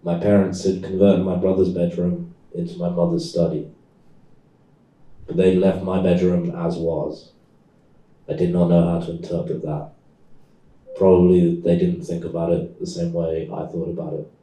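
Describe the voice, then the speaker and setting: A man, the author, reading his novel aloud in a deadpan, measured way at a live event. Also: low-pitched. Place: event space in London. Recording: echoey room, far from mic.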